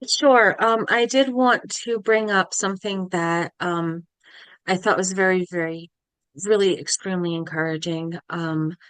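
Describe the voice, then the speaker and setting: A young woman guest on a podcast, telling a personal story in a halting, emotional way and acting out the people she quotes. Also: lowish voice, fairly bright tone, clear, resonant tone, no room sound. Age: young adult. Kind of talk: casual interview storytelling.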